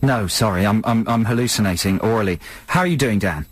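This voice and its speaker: A man's voice: lowish voice, quick pace, dry recording. A man co-hosting a radio show, chatting playfully and teasing callers. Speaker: radio host. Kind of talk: casual radio banter.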